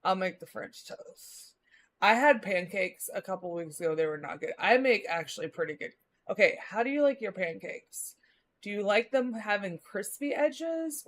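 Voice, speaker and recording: A woman's voice: on the low side, normal speed. A woman from the Midwest, chatting casually with her live-stream viewers as she rambles along, using lots of filler words. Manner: rambling, many filler likes.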